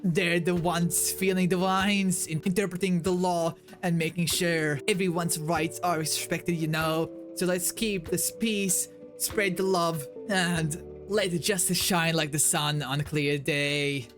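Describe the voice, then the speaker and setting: A man doing a mellow hippie stoner. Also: a little high, steady tone, a little slow, music in the background, natural voice. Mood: laid-back. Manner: drawling slang, man and dude.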